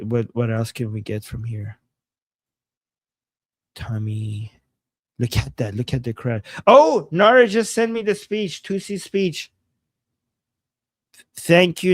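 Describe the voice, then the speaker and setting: A man from Iran co-hosting a livestream, reacting excitedly to rally footage and reading chat messages aloud. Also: medium pitch, no echo. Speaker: livestream co-host. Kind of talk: live commentary on rally footage.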